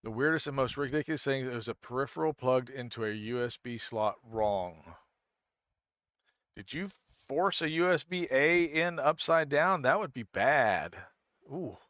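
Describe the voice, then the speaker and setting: A man's voice: medium pitch, lively intonation, a little slow, fairly bright tone, no room sound. A man streaming a game, chatting casually with viewers and thinking aloud, often restarting his sentences. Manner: rambling, thinks aloud, answers chat; frequent self-restarts. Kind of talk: casual live-stream chat.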